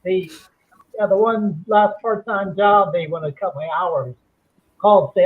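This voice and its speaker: A man's voice: high-pitched, a little slow. A man speaking as a comedy panelist, blunt and complaining. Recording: tinny phone-like line.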